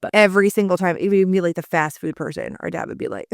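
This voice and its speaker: In her forties, a mother co-hosts a podcast, chatting casually and rambling with plenty of fillers and the occasional swear. She talks fast in a lowish, gravelly, expressive voice, recorded at studio quality with no room sound.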